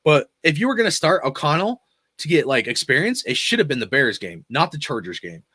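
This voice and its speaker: A man's voice: fairly high pitch, big pitch swings, a little fast, pushed and bright, slightly rough, no room sound, clean studio sound. A man hosting a fan channel, ranting about football and reading out chat comments in a blunt, cussing, rambling way. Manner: profane, emphatic, rambling.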